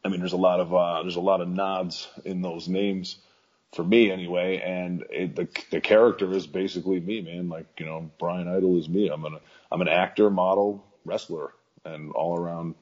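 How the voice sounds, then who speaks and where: A man's voice: sits low, flat delivery, normal speed, darkish tone, slightly rough, highs cut off. A man, a professional wrestler, talking in a casual interview in a laid-back, rambling way with lots of fillers and restarts.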